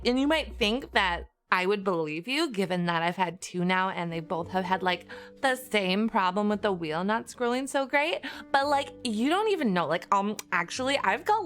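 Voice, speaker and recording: A woman streamer putting on a ditzy, gushing Valley Girl voice, her own voice a little rough from just waking up. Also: medium pitch, natural voice. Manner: gushing, peppered with "like" and "oh my God". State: slightly rough just-woke-up voice.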